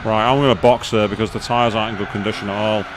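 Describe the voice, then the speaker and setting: A man's voice: on the low side, steady tone, fast talker, noisy background. A man chatting casually and rambling as he streams a racing game live. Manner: rambling, chatty, self-deprecating. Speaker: gaming streamer. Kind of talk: live gameplay commentary and chat.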